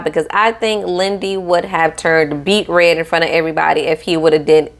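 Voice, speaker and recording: A woman giving a sassy, chatty recap of a reality TV episode, often slipping into voices to quote the people on the show. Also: mid-range voice. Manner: sassy, animated, quotes cast members in voices. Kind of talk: casual recap chat.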